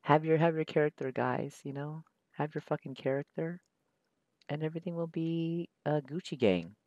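A man's voice: on the high side, normal speed, darkish tone, dry recording, muffled recording. A man chatting casually while he draws, rambling in a slangy, profane, laid-back way. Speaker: artist drawing on camera. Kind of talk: casual chat while drawing.

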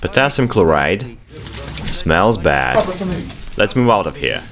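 A man hosting a vlog, giving excited running commentary as he explores an abandoned underground laboratory, exclaiming and urging others along. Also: low-pitched, takes it slowly, a crowd in the background. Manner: exclamatory, urgent, bossy when hurrying others.

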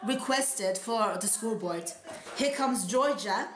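A woman with German as her first language, reacting live and excitedly, often laughing and gushing. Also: a little high, unhurried. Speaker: reaction vlogger. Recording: echoey room with broadcast crowd behind. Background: crowd from broadcast playing.

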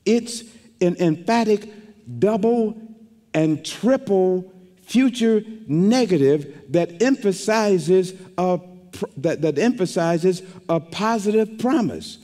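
A high-pitched male pastor delivering a sermon. He preaches emphatically and stacks repeated words as he builds toward each point. His voice rings with the long reverb of a church hall. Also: expressive, slow, warm tone. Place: church sanctuary.

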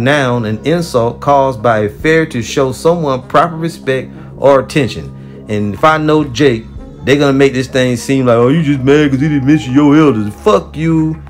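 A man teaching scripture in a heated, profane sermon, rebuking listeners angrily and swearing constantly. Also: medium pitch. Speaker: religious teacher.

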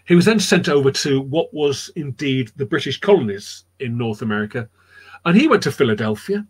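A man's voice: mid-range voice, expressive, fairly quick, husky. A man telling history anecdotes in a rambling, chatty way on a live chat show, repeating his words as he goes. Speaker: storyteller guest.

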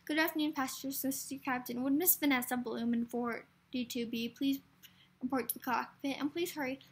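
A woman's voice: high voice, steady tone, a little fast, breathy edge. A woman reading a film script aloud for a variety show, hurrying through with stumbles and restarts.

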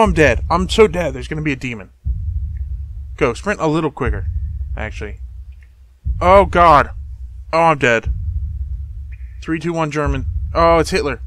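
A man's voice: on the high side, a bit bright. A man giving joking let's-play commentary on a horror game, talking back to the game with jumpy exclamations. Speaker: gameplay streamer.

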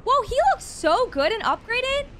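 A woman hosting a reaction video, excitable and gasping often, talking to her viewers. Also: extremely high pitch, unhurried, slight background noise.

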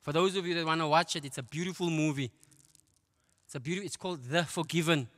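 South African man telling his testimony. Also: fairly high pitch. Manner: storytelling, animated, with quick asides and laughs. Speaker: guest speaker giving testimony. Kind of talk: testimony at a church men's conference. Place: church auditorium. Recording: long hall reverb.

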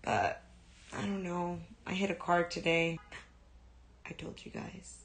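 A woman's voice: fairly low pitch, huge pitch swings, slow pace, vocal fry. A young woman casually chatting on a livestream, reading and answering viewer comments and swearing now and then. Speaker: livestream host.

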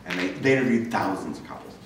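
Low-voiced man telling a story in an echoey hall. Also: fast talker. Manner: casual and conversational, acts out quoted voices. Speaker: guest speaker. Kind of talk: storytelling talk to a live audience. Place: large campus lecture room. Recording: very echoey room, speaker far from mic, faint noise.

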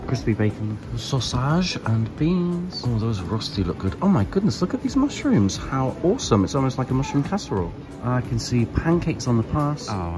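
Man, travel vlogger, enthusiastic, lively pitch, sometimes whispering, music behind. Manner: chatty and enthusiastic, often drops to a whisper. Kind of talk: casual travel vlog narration. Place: walking outdoors and aboard a moored ship.

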